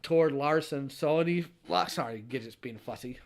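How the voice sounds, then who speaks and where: A man's voice: on the high side, moderate pace. A young adult man hosting a livestream, reading donation messages aloud and answering each with a short, dry quip. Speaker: streamer host.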